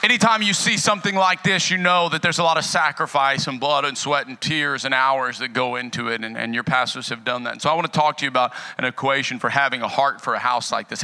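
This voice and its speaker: A man's voice: medium pitch, low-quality recording. A young man preaching as a guest pastor, casual and joking with the congregation before moving into a sermon. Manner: casual, joking, lively with the crowd. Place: church sanctuary.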